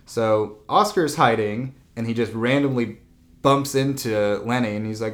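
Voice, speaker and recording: A young man talks in a loose, rambling way while recapping a story. His voice sits at an everyday middle pitch, and he drops into brief goofy impressions of the characters, with "like" in nearly every sentence. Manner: rambling, lots of "like", slips into quick silly character voices. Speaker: co-host recapping a film. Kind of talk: casual chat.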